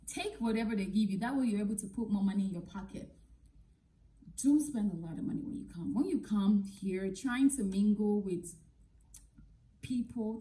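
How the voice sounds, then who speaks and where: A woman from Nigeria talks straight to camera in a casual advice vlog, blunt and no-nonsense. Her voice sits mid-height for a woman and has a mellow, warm tone. She works as an English teacher and speaks to viewers with candid asides. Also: mid-range voice, rough recording.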